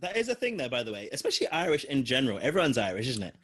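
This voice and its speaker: Animated, teasing husky man. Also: mid-range voice, rapid-fire, dry recording. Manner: teasing, animated, laughs often. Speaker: podcast co-host. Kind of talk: casual chat.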